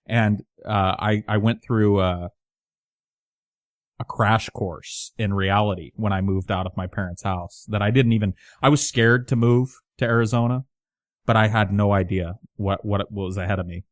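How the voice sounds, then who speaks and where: A man's voice: fairly low pitch, fairly even intonation, normal speed, no echo, clean studio sound. A man in his thirties with a light Southern twang, rambling casually and self-mockingly to his channel, swearing often. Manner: rambling, profane, self-mocking, many restarts. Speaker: channel host. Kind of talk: casual monologue to camera.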